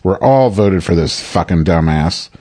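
A man's voice: deep voice, lively intonation, a little slow, a little mellow, dry recording. A man ranting through an improvised comedy chat, profane and exasperated.

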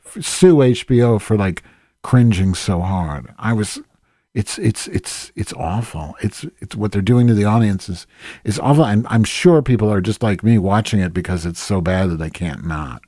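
A man's voice: on the low side, lively intonation, moderate pace, mellow, no room sound. Snarky man ranting in a dry room. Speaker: podcast co-host. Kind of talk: casual chat.

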